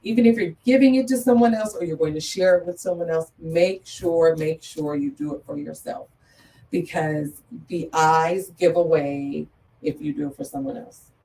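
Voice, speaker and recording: A woman guest speaks earnestly in a lowish, mellow voice and repeats her key phrases for emphasis. She sounds a bit far from the mic. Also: normal speed, slight background noise. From Metro Atlanta area. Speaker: guest, photographer and business owner. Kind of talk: interview talk.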